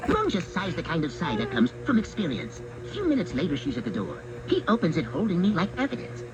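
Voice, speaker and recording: A man telling comic stories in the first person as a mischievous pet cat, in a wry, mock-serious, deadpan manner. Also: on the high side, quick pace, low-quality recording. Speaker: narrator speaking as a pet cat. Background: background music.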